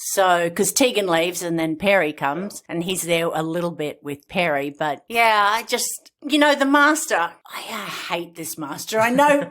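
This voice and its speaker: A woman's voice: fairly low pitch, animated, unhurried, few pauses, a bit bright. A woman from Brisbane with an Australian accent, co-hosting a casual podcast chat. She laughs a lot and trails off mid-sentence. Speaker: podcast co-host.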